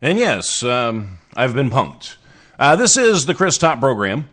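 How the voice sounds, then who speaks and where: A man from the States hosts his own show and riffs on strange news with a sarcastic, rambling delivery. His pitch swings widely as he jokes through each story. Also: sing-song, measured pace, fairly bright tone. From United States. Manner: sarcastic, rambling asides with restarts. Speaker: podcast host. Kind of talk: casual comedic news commentary.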